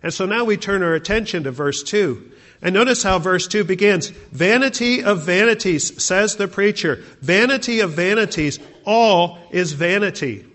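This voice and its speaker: A man's voice: high voice, expressive, moderate pace, a bit bright. A male pastor preaching a sermon, asking the congregation rhetorical questions.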